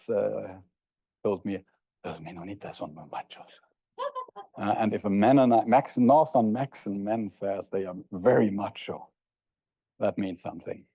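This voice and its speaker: A middle-aged man lecturing at an academic conference, pausing to hesitate and often checking in with the audience with "yeah?". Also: fairly low pitch, mellow, dry recording. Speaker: university lecturer. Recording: dull, dry lo-fi recording.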